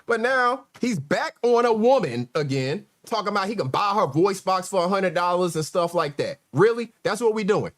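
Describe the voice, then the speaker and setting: A man's voice: high voice, expressive, normal speed, few pauses, fairly bright tone. A man hosting a livestream, commenting on played clips in a sarcastic, exasperated way. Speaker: host.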